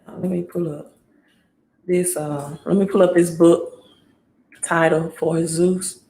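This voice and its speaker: Southern woman with a lowish voice, chatty. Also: steady tone, a little slow, dark tone, a little hiss or hum. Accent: Mississippi Southern US. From Mississippi. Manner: chatty, reads viewer comments aloud, keeps asking "right?". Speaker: credit educator hosting a live stream. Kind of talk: casual live stream talk. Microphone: phone.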